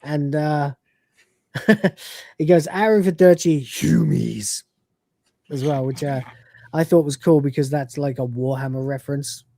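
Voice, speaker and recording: A man's voice: fairly high pitch, flat delivery, unhurried, pauses often, warm tone, dry recording. A man hosting a casual review podcast, rambling with many fillers and acting out quoted lines. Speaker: podcast host.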